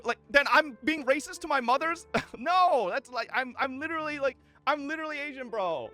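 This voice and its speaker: A man streaming live, commenting on clips and talking to his chat in a profane, animated way with frequent laughs. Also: very high voice, a little fast, faint music behind.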